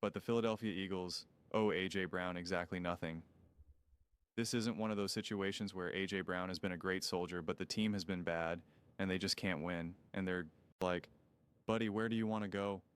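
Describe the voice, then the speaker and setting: Incredulous low-voiced man ranting about sports. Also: steady tone, moderate pace, clear, resonant tone. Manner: incredulous, sarcastic, emphatic. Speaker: sports commentator. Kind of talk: opinionated sports talk rant.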